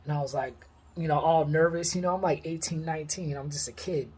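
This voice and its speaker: A man in his thirties from the Sacramento area of California, casually telling a personal story with lots of fillers and lively quoted dialogue. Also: on the high side, brisk, slightly rough. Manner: rambling, heavy on fillers, lively when quoting others. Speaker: vlogger.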